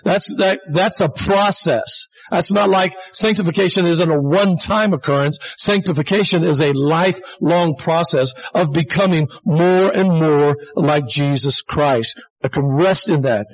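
A man's voice: fairly high pitch, unhurried, few pauses, slightly rough. A pastor in his sixties giving an earnest, conversational sermon in a plain-spoken way. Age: 60s. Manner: earnest, plain-spoken, addresses the congregation as folks. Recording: dull lo-fi recording.

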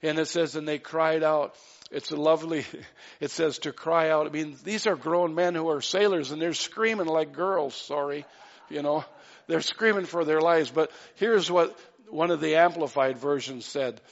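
A man's voice: fairly high pitch, moderate pace, dull audio. A man preaching a sermon in an earnest way, with light asides and acted-out quotes. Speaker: pastor.

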